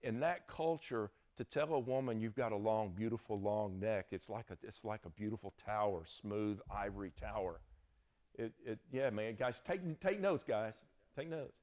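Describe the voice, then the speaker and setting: A man's voice: on the low side, normal speed, darkish tone, dull audio. Middle-aged Southern man, folksy Bible teacher, storytelling lecture with frequent check-ins.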